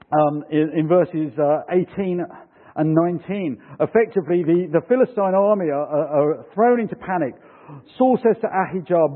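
A man preaching a sermon in an animated way, with some fillers and restarts. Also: fairly high pitch, breathy edge. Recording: tinny phone-like audio.

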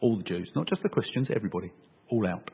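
Man, sermon, lively pitch, husky voice, tinny phone-like sound, echoey church hall. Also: quick pace. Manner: animated and joking with the congregation. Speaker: preacher.

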